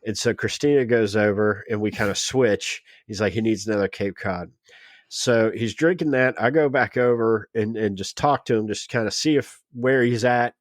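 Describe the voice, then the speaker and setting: Man, low voice, dry close sound, casual podcast storytelling, acts out dialogue. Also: moderate pace, no echo. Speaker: podcast guest.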